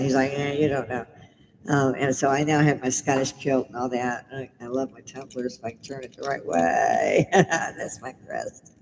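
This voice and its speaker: A woman's voice: a bass voice, a little mellow, big-room sound, a little hiss or hum, low-quality recording. A middle-aged woman from Britain hosting a casual livestream from her home bar, blunt and swearing as she rants. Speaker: live stream host.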